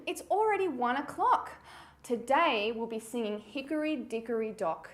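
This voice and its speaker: A woman's voice: on the high side, animated, normal speed, a bit bright. A woman presenting a children's music segment, singing a nursery rhyme with gasps and playful animal noises. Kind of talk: sung nursery rhyme lesson. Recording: echoey room with faint noise.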